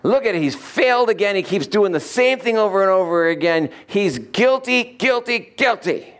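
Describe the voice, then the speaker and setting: A man voicing the devil as a sneering accuser in a courtroom, raised high and pushing. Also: animated, moderate pace, fairly bright tone. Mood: accusing.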